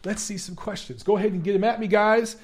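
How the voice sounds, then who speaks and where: Male host, high voice, casual profane commentary with Q&A. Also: steady tone, quick pace, slightly rough. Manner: blunt, profane, chatty. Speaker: boxing show host.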